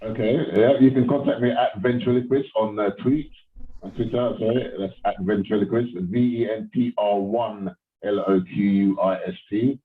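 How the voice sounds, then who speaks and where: A somewhat low-voiced man speaks in a brisk, matter-of-fact way as a ventriloquist guest. He joins over a video call, and his voice comes through thin and phone-like. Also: fairly even intonation.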